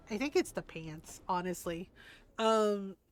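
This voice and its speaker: A young adult woman streaming a video game, chatting casually, teasing and laughing often. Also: medium pitch. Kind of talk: casual gameplay commentary.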